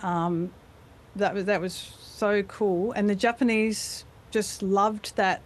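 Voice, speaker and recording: A middle-aged Australian woman talking as a guest in a live news interview, chatty and playful, slipping into quick impressions. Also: mid-range voice, steady tone. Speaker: voice actor guest.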